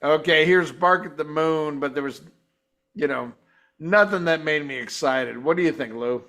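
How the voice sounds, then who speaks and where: A man with a high-pitched voice hosts a loose review chat, swearing hard and getting worked up. He talks in bursts of excitement and disbelief. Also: normal speed. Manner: profane, excitable, mimics guitar sounds. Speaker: show host. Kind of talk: casual live-stream review chat.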